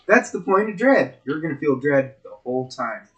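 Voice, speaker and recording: A man acting as game master, setting an ominous scene with deliberate narration for a tabletop role-playing game. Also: fairly high pitch, expressive, a bit bright, lo-fi sound.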